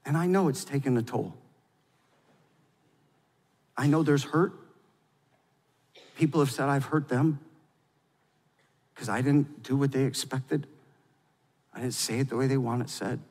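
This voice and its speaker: A man preaching a sermon as pastor, swinging between loud, fervent exhortation and quiet, intimate confession. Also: medium pitch, fairly even intonation, measured pace, long pauses, in a large hall.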